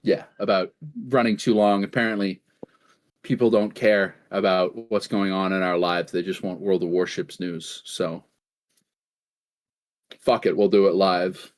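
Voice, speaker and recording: A man's voice: sits low, flat delivery, measured pace. A man co-hosting a gaming podcast in casual chat, rambling through stories, laughing often and swearing offhandedly. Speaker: podcast co-host.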